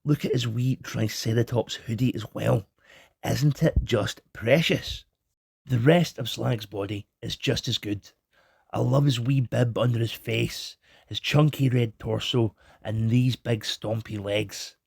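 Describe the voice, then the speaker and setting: A man's voice: mid-range voice, steady tone, a little slow, creaky, a little mellow, breathy edge, no echo, studio quality. A Scottish man giving a cheeky, irreverent toy review in a scripted comic style.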